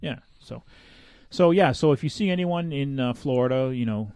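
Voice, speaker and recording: A man's voice: mid-range voice, moderate pace, clean tone, no room sound, studio quality. A man co-hosting a casual podcast, reading odd news stories and joking about them with frequent laughs. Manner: animated, laughs often, jokey asides. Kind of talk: casual chat.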